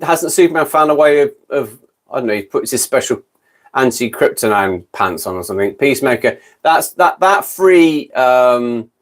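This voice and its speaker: A British man in his fifties hosting a casual livestream chat, rambling and correcting himself as he goes. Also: medium pitch. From Britain. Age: 50s. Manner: rambling, self-correcting, gabbling. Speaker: livestream host.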